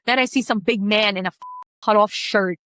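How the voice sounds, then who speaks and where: A woman wedding coordinator in casual chat, telling a story in an animated, blunt way, swearing freely and acting out what people said. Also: medium pitch, fairly quick, slight background noise.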